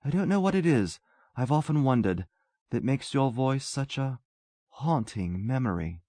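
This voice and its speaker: A man reading a story voices a wistful English gentleman who talks earnestly and tenderly. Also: mid-range voice, expressive, a little slow, no room sound, pitched above the performer's own voice.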